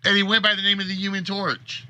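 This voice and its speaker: A man's voice: sits high, completely flat delivery, fast, bright, forceful tone. A man hosting a casual livestream, rambling and thinking aloud about the games he builds. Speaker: game show host and creator.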